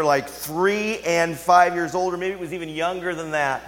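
A man preaching a sermon as a pastor, telling a family story and dropping to hushed, intimate tones for emphasis. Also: a little high, normal speed, few pauses. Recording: long hall reverb.

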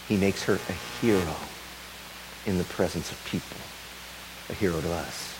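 A man pastor preaching a sermon, dramatic, swinging from loud urgency to a soft tender hush. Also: deep voice, normal speed, long pauses, background noise.

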